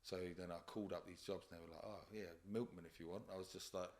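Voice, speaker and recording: A man's voice: deep voice, fairly even intonation, fast talker, crowd noise. A young man, a podcast guest talking bluntly about his past jobs, swearing and laughing often. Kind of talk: casual chat.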